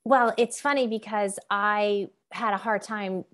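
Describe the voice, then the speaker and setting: A woman in her fifties hosting a podcast, telling stories in an animated way and laughing often. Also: medium pitch, measured pace. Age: 50s. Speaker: podcast host. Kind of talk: conversational interview.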